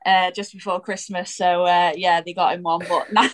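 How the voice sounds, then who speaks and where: A woman's voice: fairly low pitch, little pitch movement, moderate pace, a little hiss or hum, poor audio. A woman footballer as a podcast guest, chatty and giggly, rambling a little as she tells stories. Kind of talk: casual interview chat.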